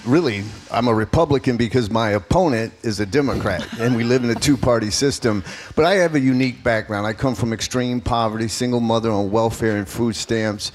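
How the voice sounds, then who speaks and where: A man's voice: medium pitch, a little fast, few pauses, a little hiss or hum. A man in his fifties, a political candidate being interviewed, telling his story in an earnest, emphatic way. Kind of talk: radio interview answers.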